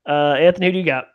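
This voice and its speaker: A man's voice: on the high side, clean tone, muffled recording. A man hosting a casual podcast chat, easygoing and moving the talk along. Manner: easygoing, moves the talk along with fillers and laughs. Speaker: podcast host.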